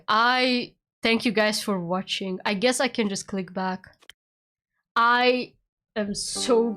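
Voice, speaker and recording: A woman streaming casually to her chat as a VTuber. She talks excitably, jumping to sudden squeals and then dropping to soft mutters. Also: mid-range voice.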